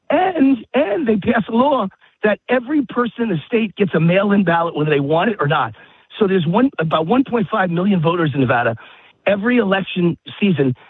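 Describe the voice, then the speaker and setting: A man's voice: high voice, husky, dry recording. A man walking his dog while calling in, out of breath, ranting emphatically and repeating himself. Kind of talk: political talk radio rant. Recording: tinny phone-line audio.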